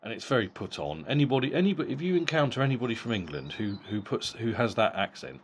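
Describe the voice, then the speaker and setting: A man's voice: mid-range voice, big pitch swings, quick pace, slight background noise. A middle-aged man giving a casual, blunt boxing fight review, swearing freely and often repeating words as he goes. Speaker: boxing vlogger.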